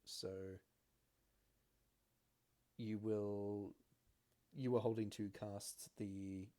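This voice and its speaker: A man as game master, narrating a tabletop game in steady description with frequent fillers. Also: fairly low pitch, takes it slowly.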